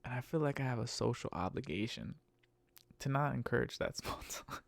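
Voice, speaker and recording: Brief: male podcast host, rideshare driver, rough gravelly voice, lively exasperated profane rant. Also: a little fast, dry recording. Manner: profane, exasperated, laughs often; animated, jumps into higher pitch when mocking. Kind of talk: casual ranting monologue.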